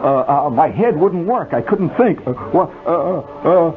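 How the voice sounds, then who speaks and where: A man's voice: fairly high pitch, animated, normal speed, hardly any pauses. A man reading his own story aloud on the radio in a wry, vivid, mock-dramatic style, on a tinny old aircheck.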